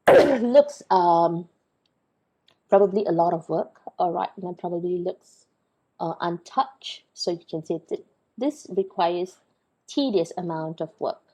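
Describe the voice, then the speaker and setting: Husky-voiced woman teaching vocabulary. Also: lowish voice, lively intonation, measured pace, dark tone, poor audio. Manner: explains patiently with many fillers and checks like "okay?" and "right?". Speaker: English teacher. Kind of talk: recorded vocabulary lesson.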